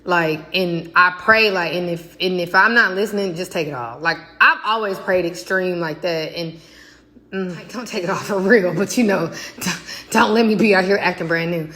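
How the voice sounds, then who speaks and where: A woman with a lowish, bright, forceful voice chats straight to her viewers in a casual faith vlog. She sounds hyped and talkative, addressing her audience like friends. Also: normal speed. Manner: excited, chatty, talks straight to viewers. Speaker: faith vlogger. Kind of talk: casual devotional vlog talk.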